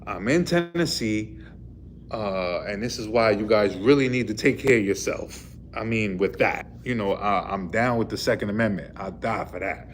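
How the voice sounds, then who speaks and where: A man's voice: fairly low pitch, normal speed, a little hiss or hum. A man, a truck driver, casually retelling a run-in with the police, rambling and full of fillers. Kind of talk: casual storytelling vlog. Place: in a vehicle.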